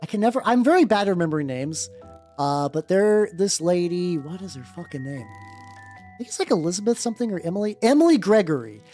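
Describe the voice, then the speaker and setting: A man with a naturally high voice chatting casually on a livestream while painting miniatures, rambling and swearing freely. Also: expressive, fairly quick, warm tone, soft background music. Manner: rambling, many fillers and restarts, swears freely.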